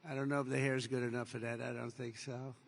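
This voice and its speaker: A long reverb from a large hall surrounds an older American president as he gives troops an unscripted, rambling speech at an air base. He talks fast in a gravelly, level, medium-pitched voice, telling a meandering story full of repeated superlatives and acted-out dialogue.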